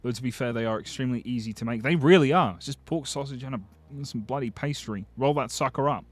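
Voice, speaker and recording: This British streamer talks fast at a medium pitch, joking around as he goes through comments from his viewers. He swears without restraint and often restarts what he's saying.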